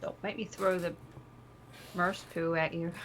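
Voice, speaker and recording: A woman's voice: on the low side, flat delivery, unhurried, a bit bright, a little hiss or hum. A woman playing a tabletop game, playful and haggling over small details. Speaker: player.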